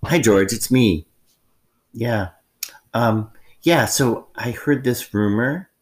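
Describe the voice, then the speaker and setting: A man's voice: mid-range voice, takes it slowly, voice pushed up, lightly acted. A man voicing a fussy, theatrical royal mother who exclaims breathlessly. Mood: gossipy. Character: fussy royal mother, woman, middle-aged, dramatic.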